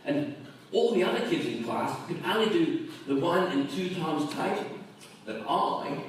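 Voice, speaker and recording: Casting: a man doing a bouncy, bragging little schoolboy in a high voice, in an echoey hall, miked from afar. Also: sing-song, a little slow. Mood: excited. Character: excitable boastful schoolboy, eager and bouncy. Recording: echoey hall from far off with room noise.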